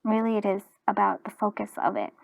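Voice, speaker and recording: Hoarse woman rambling through a tarot reading. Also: medium pitch, little pitch movement, fairly quick, no room sound. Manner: rambling with restarts, frequent throat clearing, soft half-whispered asides. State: hoarse, voice going. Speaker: tarot reader. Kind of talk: casual pick-a-card reading.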